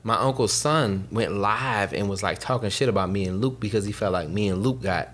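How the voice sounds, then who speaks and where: A man in his thirties talking in a casual chat, rambling and halting, restarting his sentences. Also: fairly low pitch, fairly bright tone, a little hiss or hum. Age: 30s.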